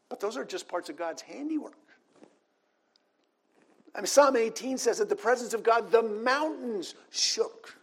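A man's voice: high voice, a bit bright, breathy edge. A man preaching a sermon, reading scripture passages aloud in an earnest manner.

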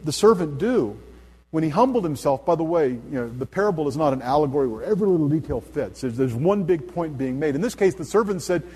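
A middle-aged man preaching a sermon as a pastor, earnest and emphatic at his high points, then soft and low as he tells stories. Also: lively intonation, fast, breathy edge. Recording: long hall reverb.

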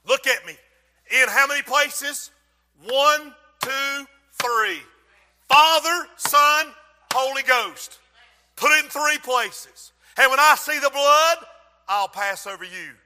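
A man preaching a sermon, telling the story dramatically and acting out voices, sometimes shouting. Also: extremely high pitch, slow. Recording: long hall reverb.

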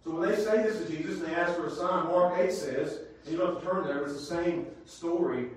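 Man preaching, high voice, dramatic swings from hush to shouting, very echoey church, far from the mic. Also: a little fast, few pauses, slight background noise. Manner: dramatic, swings from low murmurs to shouted repetition. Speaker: pastor. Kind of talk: sermon.

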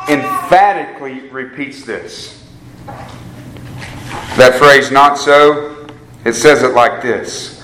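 A man's voice: a little high, bright, forceful tone, slight background noise. A man preaching a sermon to a live group in an earnest way, repeating phrases for emphasis and calling his listeners guys. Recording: echoey room with faint ambience.

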